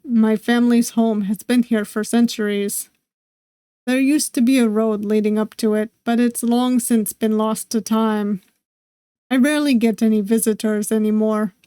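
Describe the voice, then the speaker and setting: A woman voicing a tall, courtly old-world nobleman with a deep, formal delivery and a slight put-on Russian accent. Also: fairly even intonation, moderate pace, warm tone, no room sound, clean studio sound, lightly acted. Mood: gracious. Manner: deep, formal and smooth, calling the listener darling. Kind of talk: game voice acting while reading aloud.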